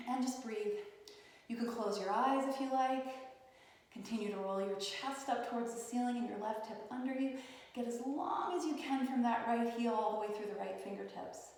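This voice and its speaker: A woman teaching a yoga class, giving calm, encouraging cues and often asking "right?", a little out of breath as she demonstrates the poses. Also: on the high side. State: slightly out of breath while demonstrating. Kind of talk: guided yoga class instruction. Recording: echoey hall, voice from far off.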